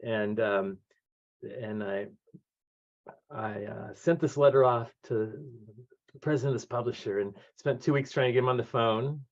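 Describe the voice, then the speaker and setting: Man, 60s, animated guest storyteller who mimics the people he quotes; average pitch, dull lo-fi sound. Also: normal speed. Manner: lively anecdotes, acts out quoted voices, laughs often. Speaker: guest author. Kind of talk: conversational storytelling. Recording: dull lo-fi audio.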